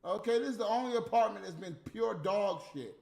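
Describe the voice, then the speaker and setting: A man's voice: high voice, expressive, fairly quick, creaky. Profane ranting man in an echoey room. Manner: profane, ranting, swings from mutters to loud outbursts. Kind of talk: casual rant to viewers. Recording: roomy echo, faint music behind.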